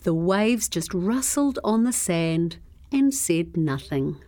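Brief: New woman reading a children's picture book, unhurried, very lively intonation. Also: lowish voice. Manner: slow, expressive and measured. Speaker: storyteller. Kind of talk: children's story read-aloud.

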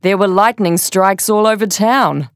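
A woman's voice: medium pitch, a little slow, no room sound, studio quality, pitched above the performer's own voice, lightly acted. A woman voicing a chatty male radio host in an announcer-like way.

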